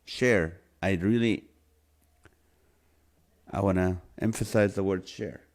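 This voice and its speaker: Slow-talking livestream host reading comments. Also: male voice, low-pitched, fairly even intonation, a little mellow. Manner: reads viewer names and guesses aloud, runs a guessing game; jokey, playful. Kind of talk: live-stream chat reading viewer comments.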